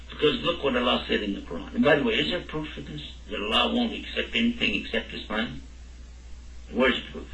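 A man's voice: mid-range voice, fast, gravelly. Man, religious teacher, lecture style, questions the class, echoey room, distant mic. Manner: lively, quizzes listeners with questions.

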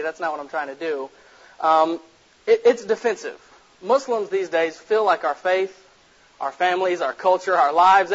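A man giving a casual public lecture to an audience, blunt and direct, telling jokes and stories. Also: on the high side. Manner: blunt, direct, jokey storyteller. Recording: muffled lo-fi recording.

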